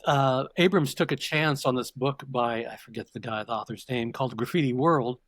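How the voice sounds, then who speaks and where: A man's voice: medium pitch, moderate pace, dry recording. Reflective older man telling stories. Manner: reflective and digressive, with frequent restarts. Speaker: podcast guest. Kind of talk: conversational interview storytelling.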